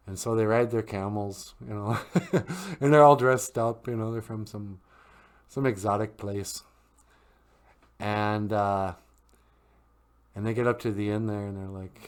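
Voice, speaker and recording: A man's voice: on the low side, moderate pace, pauses often. Laid-back man telling a comic story. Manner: laid-back, joking, lots of fillers and chuckles.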